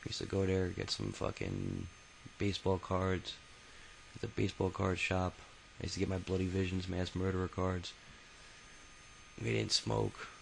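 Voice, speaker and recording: Gravelly low-voiced man, rambling memoir. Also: little pitch movement, normal speed, slight background noise, low-quality recording. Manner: rambling and profane, many fillers and restarts. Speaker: autobiography narrator. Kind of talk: casual spoken memoir.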